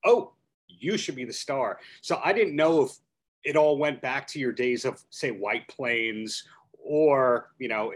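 A male podcast host speaks at an ordinary middle pitch. He asks long, rambling questions in a loose, conversational way. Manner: chatty, long-winded questions. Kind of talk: casual interview chat.

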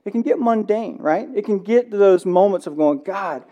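A pastor preaching a sermon in a church. He tells stories with lively acted-out dialogue and drops to a hushed, slow voice in prayer. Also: high-pitched, dull audio. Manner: animated storytelling, acts out movie dialogue. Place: church sanctuary.

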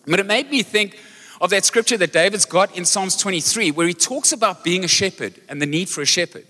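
A man preaching a sermon as pastor, animated and joking as he tells a story. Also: high-pitched, fairly quick. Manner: energetic, animated storytelling with jokes. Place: large church hall. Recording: live church hall reverb with music.

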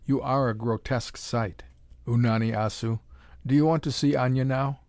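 A man's voice: medium pitch, steady tone, normal speed, darkish tone, no echo, lightly acted. A man voicing a mad, mocking male scientist with a cold, gloating manner, in a dry storybook reading.

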